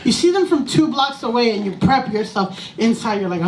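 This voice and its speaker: A high-pitched female stand-up comedian performs a salty, animated set on a small comedy club stage, talking a little fast, cursing and breaking into laughter. The mic is at a distance in an echoey room.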